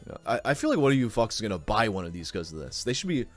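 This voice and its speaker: A man's voice: lowish voice, very animated, racing, faint music behind. Crude, mocking male streamer. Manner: loud, crude, mocking, bursts of laughter. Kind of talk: casual profane live-stream commentary.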